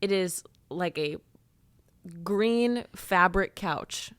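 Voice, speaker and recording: A woman co-hosting a casual podcast, telling stories with animated energy and frequent laughter. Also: mid-range voice, very slow, no room sound. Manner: animated storyteller, laughs often. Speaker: podcast co-host. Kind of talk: casual chat. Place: home studio, seated on a couch.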